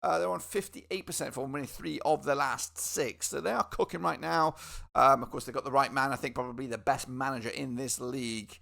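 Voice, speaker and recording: Bright gravelly football predictions host. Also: male voice, medium pitch, fairly even intonation, fairly quick. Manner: chatty, informal, with fillers and repeated words. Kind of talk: casual football predictions commentary.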